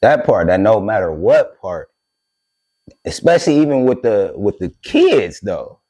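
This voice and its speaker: A man's voice: on the low side, wildly swooping pitch, measured pace, mellow. Dry-sounding man chiming in agreement. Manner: backchannels and echoes the speaker's lines. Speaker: podcast co-host. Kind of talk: casual chat.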